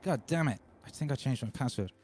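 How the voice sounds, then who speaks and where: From his home studio, a rambling, excitable English DJ in his forties chats on a livestream through a mic routed into his DJ mixer. He speaks a little fast in a mid-range voice, with faint music underneath and a little hiss or hum.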